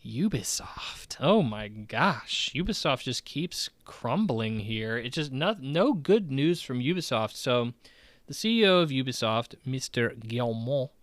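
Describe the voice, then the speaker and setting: A man's voice: mid-range voice, sing-song, a little slow, no room sound. A man hosting a casual gaming podcast, rambling through the news with lots of "um" and "like". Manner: rambling, filler-heavy, many "um" and "like". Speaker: podcast host.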